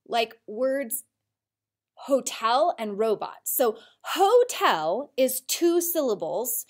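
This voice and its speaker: A woman teacher giving a recorded spelling lesson to children, speaking slowly and clearly in an encouraging way. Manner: slow, clear, encouraging teacher voice with lively pitch.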